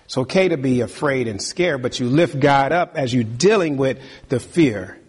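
A man's voice: mid-range voice, animated, moderate pace, darkish tone, slightly rough. A male pastor preaching a sermon, reading scripture aloud and calling out to the congregation for responses.

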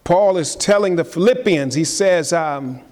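A man's voice: on the high side, unhurried, a little mellow. Earnest preacher man in a reverberant hall. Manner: earnest preaching, building to emphatic peaks. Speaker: pastor. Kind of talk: live-streamed sermon. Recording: long church-hall reverb.

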